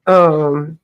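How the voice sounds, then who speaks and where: The audio is dull as a woman with a fairly low voice hosts a livestream, chatting while she colors. She rambles, searches for names and sounds somewhat stuffy from allergies.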